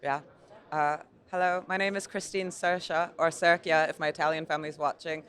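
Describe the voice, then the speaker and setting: A woman's voice: sits low, level tone, moderate pace, a bit bright. A woman with an American accent, a gallery owner and curator, talking earnestly in a casual interview at an indoor art fair, with lots of fillers and easy laughter.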